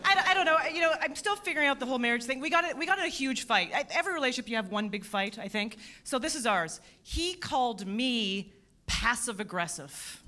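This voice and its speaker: A woman in her thirties doing a stand-up set in a theatre, self-deprecating with deadpan punchlines. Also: high-pitched, a little fast. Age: 30s. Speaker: stand-up comedian. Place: theatre stage at a comedy festival.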